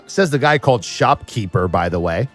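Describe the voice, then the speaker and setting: A man's voice: mid-range voice, sing-song, normal speed, faint music behind. A man streaming live and riffing in a casual, profane and sarcastic way.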